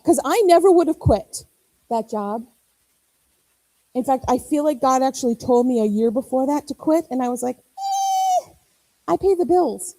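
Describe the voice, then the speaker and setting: Woman, 40s, preacher, high voice, mellow tone, dry sound, animated storytelling. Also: moderate pace, no echo, rough recording. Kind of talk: sermon. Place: church.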